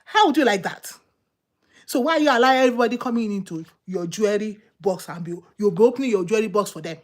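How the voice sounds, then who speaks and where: A woman's voice: medium pitch, fast. A woman preaching a sermon, fired up and emphatic, firing off repeated rhetorical questions.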